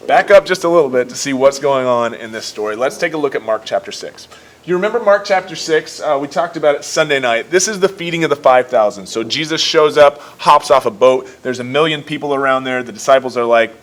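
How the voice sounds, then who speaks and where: A young man hosts a casual livestream Bible lesson in a middle-pitched voice. He talks in an excitable, jokey way and drops into quick voiced asides as he retells each story. The delivery is informal and upbeat. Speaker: youth ministry host.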